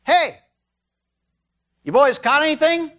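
A chummy, folksy man calling out to his friends on the boats, as a preacher puts him on. The voice sits high and sounds easygoing, like a buddy shouting across the water. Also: expressive, slow, exaggerated voice. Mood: friendly.

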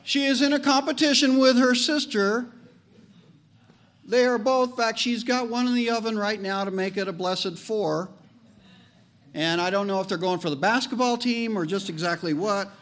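A man preaching a sermon as pastor, animated and joking, leaning on slow emphatic phrases. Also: high voice.

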